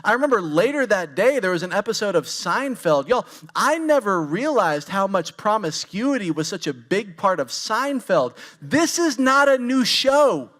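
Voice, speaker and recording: Pastor, male, 40s, high-pitched; relaxed, candid storytelling preaching that addresses the room directly. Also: normal speed, hardly any pauses. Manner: candid, storytelling, talks straight to the congregation. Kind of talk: conversational sermon.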